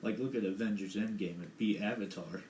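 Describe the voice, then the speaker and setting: A young man with a lowish, darkish voice talks briskly while co-hosting a casual podcast, rambling and hedging as he goes. The chat is recorded in an echoey room with faint background noise.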